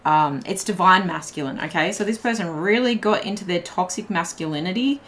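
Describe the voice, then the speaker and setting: A woman's voice: on the low side, fairly quick, fairly bright tone. A young woman giving a casual tarot reading, chatty and full of fillers, laughing often as she talks. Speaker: tarot reader.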